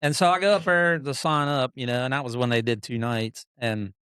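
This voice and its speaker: A middle-aged man, a motocross racer and podcast guest, telling stories in a casual, animated way that acts out other people and often restarts sentences. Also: mid-range voice, fairly quick, smooth, no echo, studio quality. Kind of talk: casual storytelling.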